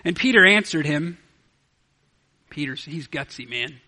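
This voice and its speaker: A man preaching a sermon as pastor, swinging from loud declarations to hushed asides. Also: fairly high pitch, expressive, a little slow, pauses often.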